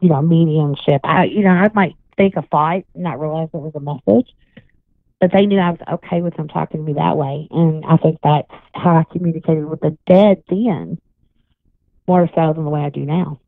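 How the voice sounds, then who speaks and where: A woman's voice: low-pitched, moderate pace, vocal fry, dry recording. A woman guest on a radio call-in show, telling a long rambling story full of restarts. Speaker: guest psychic and paranormal investigator. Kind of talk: casual radio chat. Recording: tinny phone line, dry.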